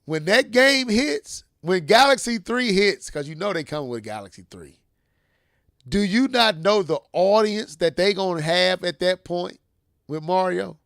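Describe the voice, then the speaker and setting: High-voiced dude hyping up games on a podcast, slangy and playful, super dry close sound. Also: male voice, animated, unhurried, gravelly, fairly bright tone, dry recording. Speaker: podcast co-host. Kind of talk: casual gaming chat.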